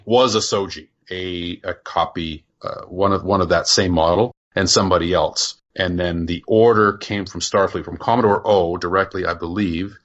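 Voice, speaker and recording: A man with a very low voice and a bright, forceful edge co-hosts a podcast review. He rambles and restarts often as he explains plot points. The sound is a little dull and lo-fi. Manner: rambling, many restarts, explains plots at length. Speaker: podcast co-host. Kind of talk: casual review chat.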